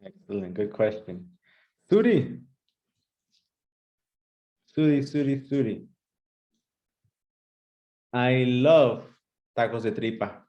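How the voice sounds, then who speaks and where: A man's voice: medium pitch, lively intonation, warm tone, highs cut off. Upbeat male teacher running a class. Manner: brisk, upbeat, quick praise. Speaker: English teacher. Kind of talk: playful classroom sketch.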